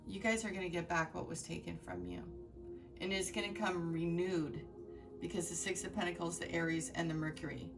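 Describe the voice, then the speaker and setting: Earnest low-voiced woman reading tarot. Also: fairly even intonation, a little fast, vocal fry, recorded from a distance, music in the background. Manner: earnest and heartfelt, addresses viewers directly, many fillers and restarts. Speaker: tarot reader. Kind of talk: emotional tarot reading to viewers.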